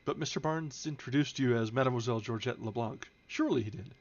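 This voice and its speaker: A man's voice: medium pitch, fast talker, natural voice. A man reading as an eager, insistent society lady. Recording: dull lo-fi with faint music.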